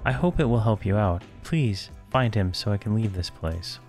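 Guy doing a high squeaky little ghost girl, begging for help, faint game music. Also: expressive, moderate pace, a little mellow. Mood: pleading. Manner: high, pleading, childlike. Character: lost little ghost girl, timid and pleading.

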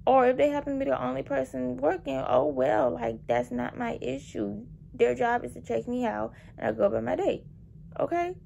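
A young woman telling a workplace story in a casual, animated, sassy way. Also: high voice, moderate pace, vocal fry, lo-fi sound, a little hiss or hum. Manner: animated, sassy, petty venting with dramatic emphasis. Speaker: vlogger telling work stories.

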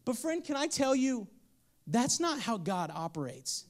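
A young man preaching with a bright, high-pitched voice. He tells stories in an animated, playful way, slipping into character voices for a moment. He is speaking to a congregation in a church. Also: moderate pace. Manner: animated, playful, acts out child and God voices. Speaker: pastor. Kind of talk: lively sermon with storytelling.

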